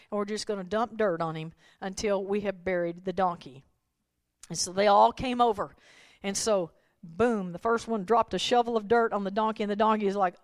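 A woman preacher delivering a sermon who swings between folksy storytelling and shouted, rhythmic climaxes. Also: fairly high pitch, dry recording.

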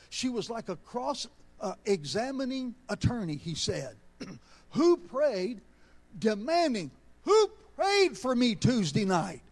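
A man preaching a sermon, telling a story with slow, emphatic delivery that rises into bursts. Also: high voice.

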